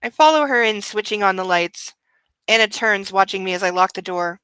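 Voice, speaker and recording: A smug young billionaire lover narrates his own craving in a crisp, bright voice, as a woman reads him from a novel. He leans into his words with breathy, drawn-out emphasis. The sound is close and dry. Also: mid-range voice, dry recording, lightly acted, rough recording. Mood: brooding. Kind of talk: dramatic reading of a novel.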